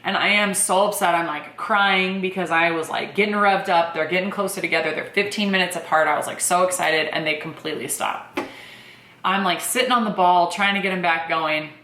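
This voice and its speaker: Young woman rambling through her birth story, lots of "like"s, kinda low voice, echoey room. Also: brisk, slight background noise. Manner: chatty, animated, many fillers like "like" and "um". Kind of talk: casual storytelling.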